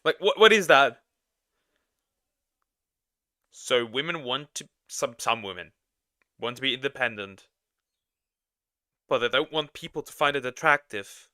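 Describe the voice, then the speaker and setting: A man's voice: mid-range voice, expressive, moderate pace, pauses often, no room sound, studio quality. A man reacting to videos as a streamer, casual, crude and swearing. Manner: crude, swearing, bursts of loud laughter.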